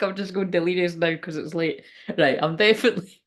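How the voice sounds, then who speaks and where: A woman's voice: on the low side, a little fast. A woman hosting a spiritual channel, chatting casually on a livestream, rambling, swearing freely and breaking off mid-thought.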